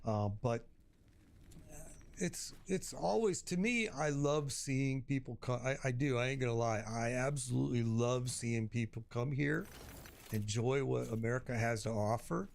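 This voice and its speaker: Gravelly-voiced man telling stories. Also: medium pitch, measured pace, darkish tone. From Chicago. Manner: storytelling, laughs often, slangy. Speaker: streamer. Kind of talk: casual chat. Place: home streaming setup.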